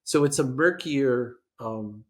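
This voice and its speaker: As a guest on a podcast interview, an older man speaks as a policy expert in a medium-pitched voice. He's measured and hesitant, frequently restarting.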